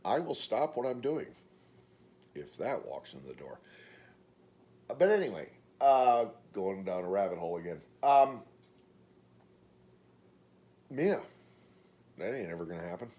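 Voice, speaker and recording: A middle-aged man in a rambling vlog monologue, his pitch swinging widely as he tells stories. He often jumps into higher voices to mimic other people, then drops back down to a flat, low grumble. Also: a little slow, pauses often. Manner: animated storytelling, mimics others in high voices. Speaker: vlogger.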